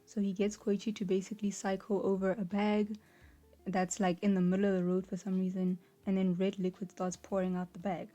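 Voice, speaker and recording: Young woman doing a casual anime breakdown, mellow voice, animated and chatty. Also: medium pitch, a little fast, lo-fi sound. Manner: animated, acts out quoted characters, frequent "like" and "right?". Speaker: anime video essayist. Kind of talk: casual commentary.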